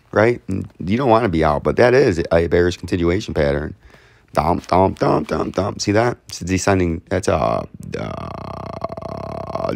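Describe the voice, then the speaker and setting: A man's voice: sits low, gravelly, no room sound. A man hosting casual chart commentary, rambling with jokes and repetitive riffs. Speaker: host.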